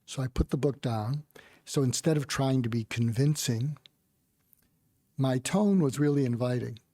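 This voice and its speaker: Older man telling a gentle story. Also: medium pitch, moderate pace, dry recording, clean studio sound. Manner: gentle, reflective storytelling with soft quoted asides. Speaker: psychiatrist guest. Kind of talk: storytelling in conversation.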